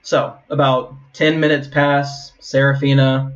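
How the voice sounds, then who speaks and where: A man narrating as game master of a tabletop game in a relaxed, conversational way. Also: mid-range voice, measured pace, dull audio.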